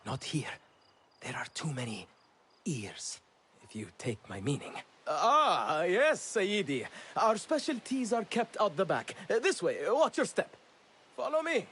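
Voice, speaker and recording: An actor playing a secretive, conspiratorial informant in a video game. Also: male voice, high-pitched, very animated, measured pace, slight background noise, full character voice. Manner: conspiratorial, hushed at times. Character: secretive, excitable male informant. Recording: game audio with faint ambience.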